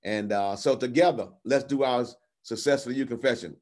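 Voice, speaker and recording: A man teaching a Bible lesson online as a pastor, relaxed and chatty, slowing down to stress key words in declarations. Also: medium pitch. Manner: slow emphatic declarations, rising on key words; relaxed, conversational with fillers.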